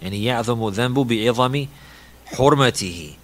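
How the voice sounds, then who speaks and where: A man's voice: mid-range voice, expressive, quick pace. A man teaching from a religious text, reading passages in Arabic and then translating and explaining them with many repetitions and restarts.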